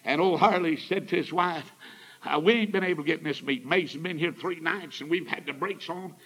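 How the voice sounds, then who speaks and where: An older man preaching a folksy storytelling sermon, emphatic and rising to shouts. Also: fairly high pitch, fairly quick, slightly rough, poor audio.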